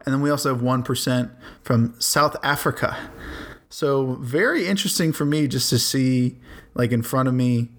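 A man's voice: mid-range voice, moderate pace. A young man, a college student, hosting his own solo podcast in a rambling, laid-back way, with casual swearing. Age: young adult. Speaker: podcast host.

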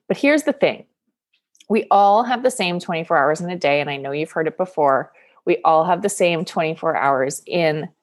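A woman hosting her own podcast, talking in a chatty, upbeat way and laughing between phrases. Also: fairly low pitch. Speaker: podcast host. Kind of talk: casual solo podcast talk.

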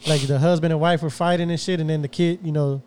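A man trades quick, animated reactions with his friends, heavy on profane slang. His voice sits a little higher than most men's. He talks like someone hanging out, not performing. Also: over music. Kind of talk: casual chat.

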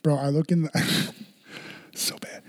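A man's voice: a little high, little pitch movement, slow pace. A man who is a fighter, telling rowdy, profane stories in a casual podcast chat. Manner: rowdy, profane storytelling with "bro" and "dude".

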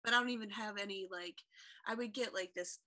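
Podcast co-host: a chatty woman with a bright, forward tone, laughs easily. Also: mid-range voice, fairly quick. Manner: chatty, laughs often, many fillers. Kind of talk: casual chat.

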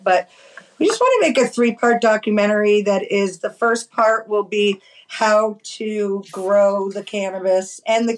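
A woman from New York City, a guest in a casual interview, talking fast and emphatically about her work. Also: medium pitch, low-quality recording. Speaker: guest, cannabis medicine grower.

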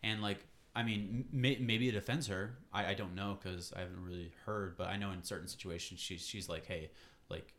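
A man co-hosting a casual faith podcast, speaking softly and hesitantly, mostly agreeing. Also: deep voice, steady tone, fairly quick, hardly any pauses. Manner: soft-spoken, hesitant, agreeable. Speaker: podcast co-host.

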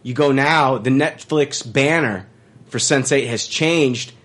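A man's voice: mid-range voice, takes it slowly, a bit bright. A man from the American Midwest hosting a podcast, rambling in brash, profane casual chat with many restarts. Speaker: podcast host.

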